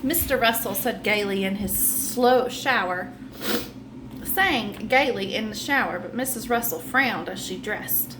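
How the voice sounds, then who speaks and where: A woman's voice: medium pitch, animated, a little slow, background noise. A woman reading a children's book aloud, adding chatty asides between passages. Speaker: storybook reader.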